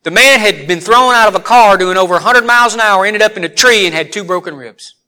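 A man preaching a sermon in a church, telling folksy stories that suddenly rise loud. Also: sits high, quick pace.

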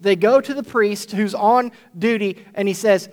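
Man, pastor, high-pitched, conversational sermon, speaking to a congregation. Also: normal speed, hardly any pauses. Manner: conversational preaching, checks in with "right?". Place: church before a congregation.

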